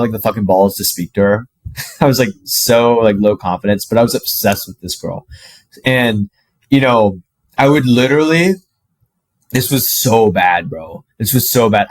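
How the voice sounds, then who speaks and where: A young man telling a personal story to camera in a casual, animated way, full of "like" and the odd swear word. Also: on the low side, dry recording, low-quality recording. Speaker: dating coach.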